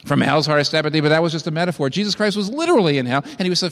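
Impassioned preacher in a large reverberant hall. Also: male voice, lively intonation, very fast, fairly bright tone. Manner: impassioned, rising to high emphatic peaks then dropping low. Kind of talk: sermon.

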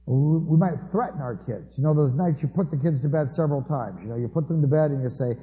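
A man's voice: on the high side, quick pace, few pauses, warm tone. Man preaching with dry humor, reverberant hall. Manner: humorous storytelling with asides. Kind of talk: conversational sermon. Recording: dull recording with long hall reverb.

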